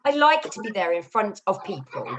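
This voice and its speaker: A woman's voice: medium pitch, sing-song, a little fast, noisy background. Woman podcast host asking questions. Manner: thoughtful, probing questions. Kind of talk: casual interview chat.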